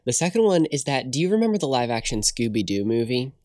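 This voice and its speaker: A podcast co-host chatting casually about an old TV show, making wry, deadpan jokes. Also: mid-range voice, fast talker, no echo, studio quality. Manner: wry, joking, deadpan asides. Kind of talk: casual chat reviewing old TV.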